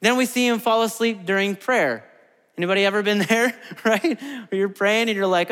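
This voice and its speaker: A man's voice: sits high, moderate pace, a bit bright, big-room sound. A man preaching a sermon to his congregation. He talks in a conversational way, often laughing and asking the room questions. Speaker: pastor.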